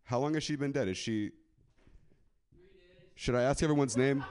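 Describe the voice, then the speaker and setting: A man's voice: medium pitch, normal speed, pauses often, darkish tone. A man doing a live stand-up set on a club stage, crude and rambling, often laughing at his own jokes. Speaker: stand-up comedian.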